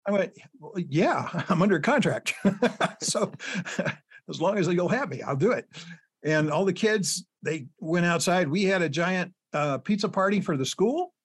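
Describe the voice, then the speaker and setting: A man's voice: high voice, measured pace, dry recording. A middle-aged man, a children's book author, telling long anecdotes in an interview, with many fillers and chuckles. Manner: rambling anecdotes with frequent fillers and laughs. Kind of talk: storytelling in an interview.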